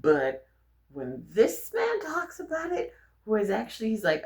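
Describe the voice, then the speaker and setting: A young adult woman vlogging, telling personal stories in a frank, animated way and swearing freely. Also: medium pitch, a little slow. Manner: frank, profane, animated storyteller. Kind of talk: candid personal storytelling.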